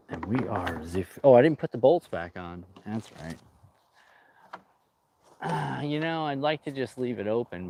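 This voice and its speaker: A man's voice: medium pitch, a little mellow, slight background noise. A man talking casually to his viewers while working on his boat outdoors, rambling and joking, calling them dude. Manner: chatty, rambling, says dude a lot. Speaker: boat restoration vlogger.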